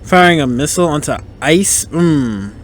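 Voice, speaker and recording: A man's voice: fairly high pitch, animated, normal speed, slight background noise. A man hosting a podcast, chatting casually in a movie commentary, joking and laughing often. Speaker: podcast host.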